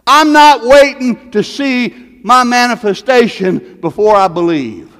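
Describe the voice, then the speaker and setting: A man preaching a sermon as pastor, repeating himself and swinging from loud calls to hushed asides. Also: extremely high pitch, lively intonation, unhurried. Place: church sanctuary. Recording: long reverb of a large hall.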